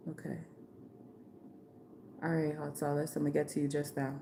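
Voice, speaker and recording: A woman with a lowish voice doing a live tarot reading for her viewers. She talks in a loose, slangy, playful way, full of "like" and "okay". A faint hiss of noise sits behind her. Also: monotone, normal speed, warm tone. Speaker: tarot reader.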